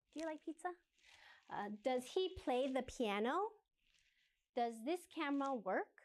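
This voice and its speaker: Casting: female English teacher, slightly high voice, clear demonstration of question intonation. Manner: repeats example sentences with rising question intonation. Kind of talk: grammar lesson.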